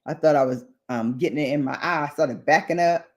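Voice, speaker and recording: A woman's voice: sits low, a little fast. A woman beauty vlogger chatting casually on a livestream while doing her makeup, reading out viewer comments and drifting onto tangents.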